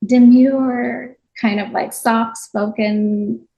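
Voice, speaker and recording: Woman interview guest, slightly high pitch, reflective and animated. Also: very slow, vocal fry, low-quality recording. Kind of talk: conversational interview.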